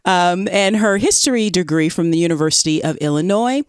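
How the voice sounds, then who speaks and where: A woman with a Southern American accent co-hosting a comedy podcast in casual chat, bubbly and quick to laugh. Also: clear, resonant tone, no echo, studio quality. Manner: bubbly, laughs often, swoops up high. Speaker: podcast co-host.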